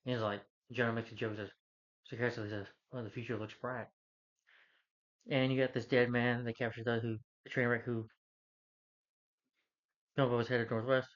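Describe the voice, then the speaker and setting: Male reviewer, average pitch, rambling casual recap rant, muffled lo-fi sound. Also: level tone, fairly quick, pauses often. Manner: rambling, loose retelling full of "he's like". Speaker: movie reviewer. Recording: dull lo-fi recording.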